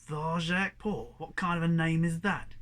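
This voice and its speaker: A man voicing a tough young female street cat who talks gruffly and bluntly, with a gravelly voice. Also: on the high side, fairly even intonation, a little slow, fairly bright tone. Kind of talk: audiobook character reading.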